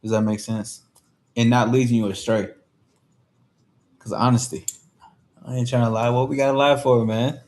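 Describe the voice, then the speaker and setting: A man's voice: medium pitch, steady tone, normal speed, pauses often, a little mellow. A man hosting a casual livestream chat, talking loosely in slang and calling out to his viewers. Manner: laid-back slangy talk, addresses chat. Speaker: livestream host.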